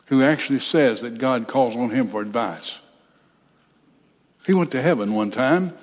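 Older guy preaching, folksy blunt asides, mid-pitched voice, long hall reverb. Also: a little mellow. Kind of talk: sermon with scripture reading.

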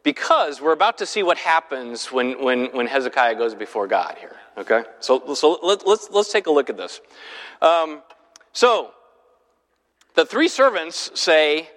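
A man's voice: a little high, big pitch swings, unhurried, a bit bright. Chatty male Bible teacher in a reverberant hall. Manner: conversational, keeps asking the class rhetorical questions.

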